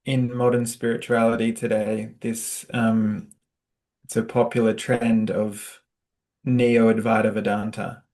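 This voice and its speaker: A man with an Australian accent interviewing a teacher in a casual conversation, speaking softly with hesitant fillers. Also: lowish voice, little pitch movement, slow pace. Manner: soft-spoken, hesitant with fillers, laughs lightly.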